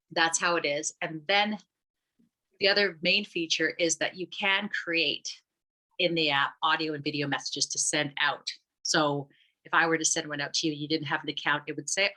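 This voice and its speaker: A woman's voice: on the low side, fairly even intonation, brisk, pushed and bright, poor audio. A woman explaining an app she founded, talking loosely with fillers and restarts. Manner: rambling, many restarts and fillers. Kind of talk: conversational explanation.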